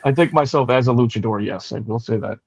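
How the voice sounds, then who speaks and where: A man's voice: mid-range voice, fast, vocal fry, a little mellow, breathy edge, no echo. A man on a video call, answering interview questions in a laid-back, laughing way. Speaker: guest luchador. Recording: dull lo-fi video call audio.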